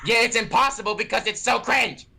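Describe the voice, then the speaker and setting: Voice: medium pitch, a little fast, gravelly, over music, rough recording. A speaker in casual stream chat, blunt and mocking, sounding exasperated.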